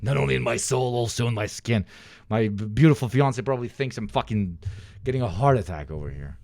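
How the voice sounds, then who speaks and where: A man streaming a profane, heated political rant, sweating and shouting at times. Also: medium pitch, lively intonation, fairly quick, vocal fry, no room sound, studio quality. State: sweating, flushed. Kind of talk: ranting political commentary.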